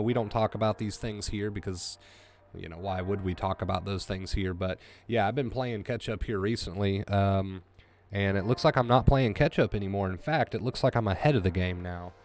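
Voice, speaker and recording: A man's voice: on the low side, a little mellow. A man streaming live, chatting casually and thanking viewers with effusive emotion, his voice breaking at times. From US East Coast.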